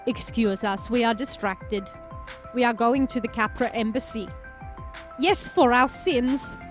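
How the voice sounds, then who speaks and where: A woman's voice: on the high side, unhurried, soft background music, close to an everyday voice. A woman voicing a pair of stiff, formal German men in a put-on German accent, with stilted and overly polite phrasing. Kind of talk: let's play character voicing.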